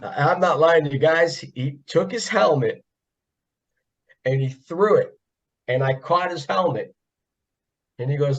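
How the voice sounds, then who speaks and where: Calling himself a funny guy, a former pit crew member from the northeastern US swaps casual, jokey stories as a podcast guest and laughs a lot. He speaks a little slowly in a fairly high, expressive voice, and the lo-fi audio sounds slightly dull.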